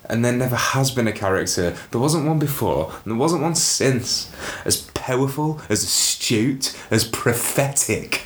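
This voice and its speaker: A man's voice: medium pitch, lively intonation, measured pace, hardly any pauses, slight background noise. Earnest man in a roomy echo. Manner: earnest, mock-solemn praise. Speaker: podcast co-host. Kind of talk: casual chat.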